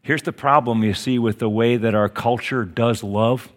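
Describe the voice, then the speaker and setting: A middle-aged man preaching a conversational sermon as a pastor. He teaches in a folksy, storytelling way, often pausing to ask "see?" to check that his listeners are following. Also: mid-range voice, steady tone. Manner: folksy, with frequent tag questions like "see?".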